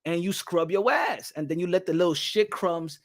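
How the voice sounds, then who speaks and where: Brief: boxing channel host, New York man, animated profane rant, laughs a lot. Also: high voice, normal speed. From New York City. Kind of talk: casual rant to camera.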